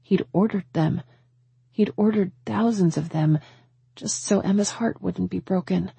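A woman's voice: medium pitch, a little slow, vocal fry, warm tone, slightly rough, no room sound. A woman narrating a first-person romance audiobook in an intimate, emotional storytelling manner.

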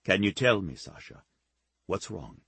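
A devoted young man pleads softly, earnest and coaxing, as the narrator plays him. His voice is low and husky. The sound is dry and close. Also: very animated, measured pace, dry recording, heavily acted. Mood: tender.

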